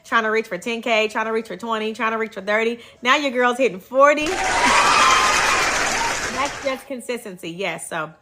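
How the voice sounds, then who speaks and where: A woman's voice: a little high, normal speed, over a noisy crowd, heavy background noise. A woman hosting a casual herbal wellness livestream on her phone, chatty and upbeat, thanking viewers as she goes.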